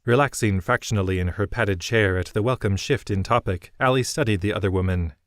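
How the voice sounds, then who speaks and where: A man narrating a fantasy novel in an even, measured way. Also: lowish voice, no room sound, studio quality. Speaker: audiobook narrator.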